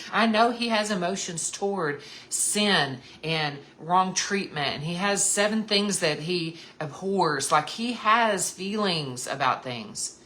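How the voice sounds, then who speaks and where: Low, bright-voiced woman teaching scripture. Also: unhurried, hardly any pauses. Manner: earnest and emphatic, repeats key points; addresses listeners as sisters. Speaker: women's Bible teacher. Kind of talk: devotional Bible teaching.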